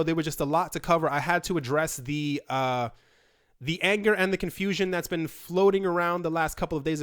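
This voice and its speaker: A man's voice: on the high side, clear, resonant tone. A man hosting a crypto news video, talking casually and rambling with many fillers and restarts. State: running out of breath. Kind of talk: casual solo commentary.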